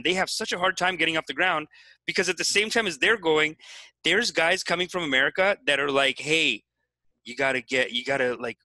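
Excitable bright-voiced young man. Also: high voice, no echo, low-quality recording. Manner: excitable, laughs a lot. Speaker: co-host. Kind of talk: casual comedic chat.

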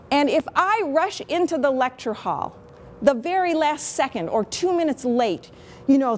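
A woman's voice: fairly high pitch, darkish tone, a little hiss or hum. A woman in her fifties with a Chicago accent, a microbiology professor giving a candid, chatty talk on teaching. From Chicago, USA. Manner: candid, chatty, self-deprecating.

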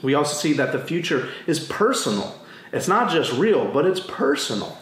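A man preaching a sermon as pastor, telling stories in an animated way and acting out the voices he quotes. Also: on the high side, moderate pace, a little hiss or hum. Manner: animated storytelling, acts out quotes. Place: church sanctuary. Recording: roomy church with faint ambience.

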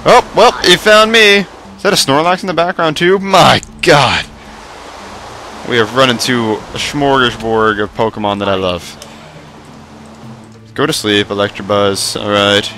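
A young man commentating a Minecraft Pokemon mod let's play, excitable, swearing and shouting at the game. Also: lowish voice, measured pace, pauses often, slight background noise, rough recording. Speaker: gaming YouTuber.

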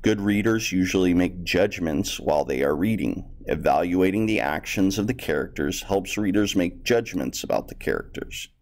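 A man's voice: sits low, expressive, moderate pace, hardly any pauses. A male teacher reading a textbook story aloud to students and explaining vocabulary in a plain, explanatory way.

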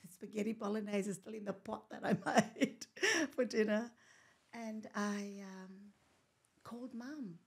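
Husky Australian woman telling a painful story. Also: medium pitch, fairly even intonation, a little slow, darkish tone. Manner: sinks to a near whisper at painful moments. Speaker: podcast guest. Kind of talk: emotional personal storytelling.

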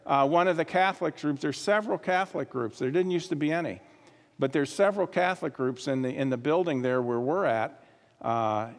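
High-voiced preacher in a reverberant church. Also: male voice. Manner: emphatic, repeats key phrases, drops to quiet asides. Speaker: pastor. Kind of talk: sermon. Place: church sanctuary. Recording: long hall reverb.

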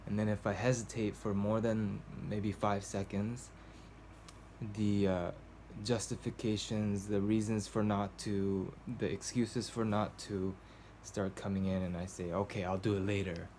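A man's voice: lowish voice, level tone, measured pace, warm tone, a little hiss or hum. A man recording a casual video journal at home, talking to the camera in a rambling, hesitant way, full of fillers and restarts. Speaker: vlogger. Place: cold home indoors.

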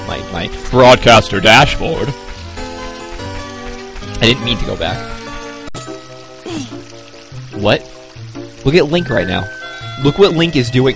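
A man from Maine chatting live while streaming a video game, reacting to it and talking to his viewers. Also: medium pitch. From Maine, United States.

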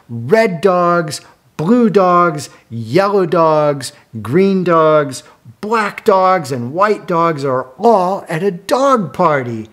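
An older man reading a children's picture book aloud, slow and lively, stopping to ask young listeners questions. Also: high voice.

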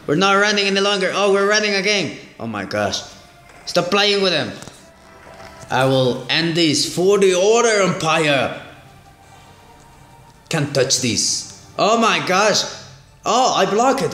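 A man gives excitable play-by-play of a mobile game, his slightly high voice swinging widely as he exclaims and repeats himself. The room rings with echo, and faint game music plays behind him. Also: normal speed. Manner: exclamatory, repeats phrases, frequent "oh my gosh". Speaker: gaming channel host.

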